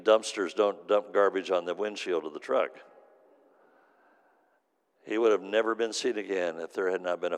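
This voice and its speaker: A man's voice: deep voice, gravelly. A man ministering to a gathering, telling a story in an earnest sermon with repeated, emphatic phrases. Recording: long hall reverb.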